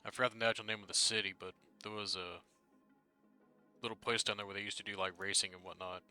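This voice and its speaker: Bright, low-voiced man rambling in character. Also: flat delivery, fast, clean tone, faint music behind. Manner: rambling, trails off mid-sentence. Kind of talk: in-character role-play chat.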